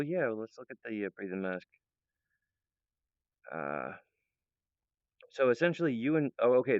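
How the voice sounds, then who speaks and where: A man talking in an excitable, rambling improvised monologue, jumping between ideas and restarting his sentences. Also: on the low side, dry recording. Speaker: video creator. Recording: dull, lo-fi, dry sound.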